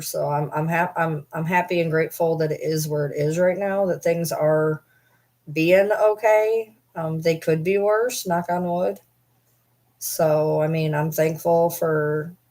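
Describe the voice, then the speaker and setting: A woman's voice: low voice, a little mellow. A young woman vlogger chatting candidly and rambling with her viewers, swearing now and then. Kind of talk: casual chat.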